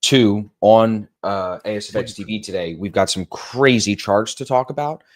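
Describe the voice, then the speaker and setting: A young male co-host chats casually, plugging his stream and telling self-mocking stories with lively timing. His voice sits on the low side. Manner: animated storyteller, self-mocking, quick promo patter.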